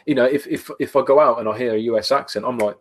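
A man chats as a guest on a casual live stream. He talks in a modest, easygoing manner, often pausing and restarting, in a mid-pitched, everyday voice. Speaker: guest, video creator.

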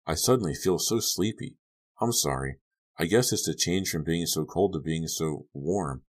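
A man voicing a shy, drowsy teenage boy in an audiobook, his lines a bit louder and higher than the narration. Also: normal speed, husky. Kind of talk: audiobook reading.

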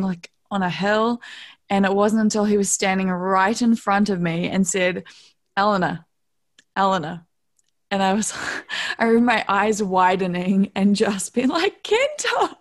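Young New Zealand woman, podcast guest; chatty, laughs easily, gropes for names mid-sentence. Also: medium pitch. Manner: laughs often, trails off searching for words. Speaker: podcast guest, long-distance hiker. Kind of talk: casual interview chat.

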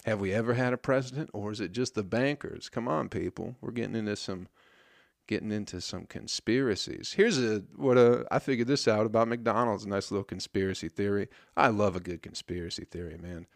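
This is a man in his thirties with a lowish voice, holding forth in a loose, rambling solo rant. He swears freely and keeps a sarcastic tone. The sound is dry, with no room around it. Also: a little fast, vocal fry, dry recording. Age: 30s.

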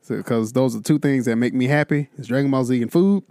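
A man's voice: medium pitch, a little fast, clean tone, no echo, studio quality. A man co-hosting a podcast, telling a workplace story in casual slang and acting out the people in it. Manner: animated, acts out voices while telling stories. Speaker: podcast co-host.

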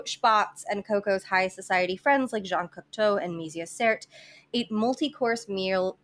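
A woman hosting a casual history podcast, telling the story with jokey asides. Her pitch sits in an ordinary middle range. She mixes narration with laughter and quips to her co-hosts. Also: fairly bright tone.

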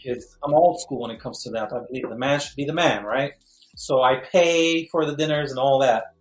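A middle-aged man, a guest actor, telling a lively story and acting out quotes with jumps in pitch. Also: moderate pace, soft background music. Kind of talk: animated storytelling. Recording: roomy echo.

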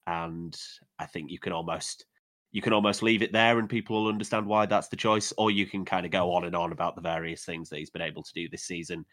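A man's voice: low-pitched, fairly even intonation, fast, fairly bright tone. A man with an English accent chatting on a sports podcast, self-deprecating and full of restarts. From England. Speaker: podcast co-host, football analyst. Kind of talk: casual sports podcast chat.

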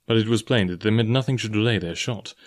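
A man reading a story aloud in a measured, even voice. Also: on the low side. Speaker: audiobook narrator. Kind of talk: scripted storybook narration.

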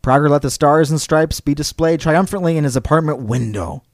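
A man's voice: a little high, fairly quick, no echo, studio quality. A man hosting a podcast, telling a history story in a casual, digressive way and reading quotes aloud. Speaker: podcast host.

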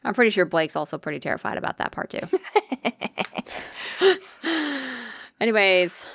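A woman's voice: on the low side, fast talker, vocal fry, fairly bright tone, no room sound, clean studio sound. A woman co-hosting a casual podcast, talking bluntly and swearing offhandedly. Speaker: podcast co-host. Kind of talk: casual chat.

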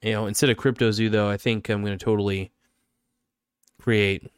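A man with a low voice rambles offhandedly through a solo vlog monologue. His talk drifts from thought to thought without much shape. The sound is dry and close, with no room around it. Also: fast talker, smooth, dry recording. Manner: aimless, offhand musing.

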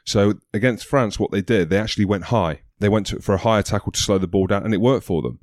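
Deep-voiced man in casual rugby banter. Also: fast talker, hardly any pauses, darkish tone, no room sound, studio quality. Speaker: podcast co-host, rugby pundit. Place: podcast studio.

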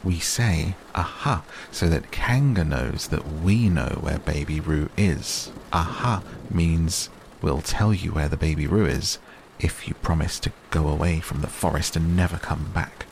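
A man's voice: a bass voice, vocal fry, darkish tone, a little hiss or hum, exaggerated voice. Self-important rabbit reading out a plan, guy doing it in a storybook. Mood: bossy. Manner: brisk and officious.

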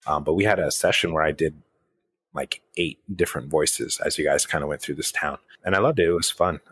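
Male co-host, deep voice, dry close sound, rambling casual talk. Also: fairly quick, fairly bright tone, slightly rough, no echo. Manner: rambling, many restarts and fillers. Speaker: podcast co-host and game master. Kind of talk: casual chat.

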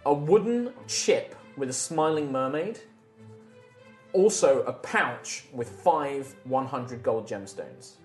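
A man's voice: medium pitch, animated, takes it slowly. Male game master, casual rambling narration, echoey room with faint music. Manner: loose, rambling narration with fillers.

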